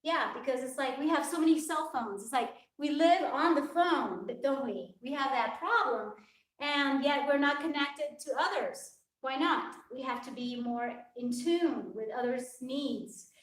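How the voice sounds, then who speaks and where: A woman fitness coach chats on a live stream in a high voice, earnest and rambling, filling her thoughts with "it's like". She sits back from the mic in an echoey room at home, and the walls ring behind her. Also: measured pace. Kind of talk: casual live-stream talk. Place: home workout space with a yoga mat. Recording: roomy echo from a distant mic.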